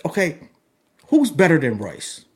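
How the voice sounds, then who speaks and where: A man's voice: a little high, huge pitch swings, a little slow, breathy edge. A man hosting a casual radio interview, asking blunt questions and joking around. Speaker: podcast host.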